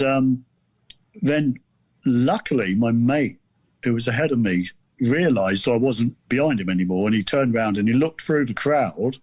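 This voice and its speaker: A middle-aged man from the south of England, an author guesting on a podcast, tells a story casually, rambling and self-deprecating with many restarts. His mid-range voice is slightly rough. There's no echo.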